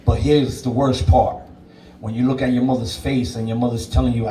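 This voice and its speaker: A man's voice: medium pitch, level tone, moderate pace, dark tone, recorded from a distance, a little hiss or hum. A man, a DJ, telling his own story in an interview, blunt and emphatic and swearing freely. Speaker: DJ and interview guest. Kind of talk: candid personal storytelling. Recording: roomy sound, away from the mic.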